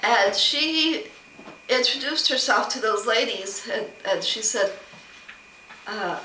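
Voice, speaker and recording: A woman with a fairly high, sharp voice speaks at a moderate pace, recorded off-mic in a roomy space with slight, faint ambient noise. In a casual vlog she tells a long, rambling, aggrieved story about being snubbed, full of quoted back-and-forth exchanges.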